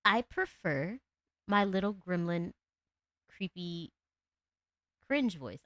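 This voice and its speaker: A woman with a low alto voice chatting casually with her live-stream viewers, giggling often. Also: lively intonation, normal speed, long pauses, fairly bright tone, dry recording, muffled recording. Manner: chatty, giggly, talks to chat and her cat.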